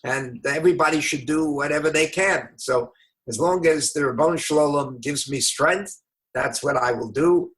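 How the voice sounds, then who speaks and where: An older man from New York, a rabbi being interviewed, telling stories in an unhurried, anecdotal way with emphatic moments. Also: a little high, a bit bright. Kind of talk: conversational storytelling.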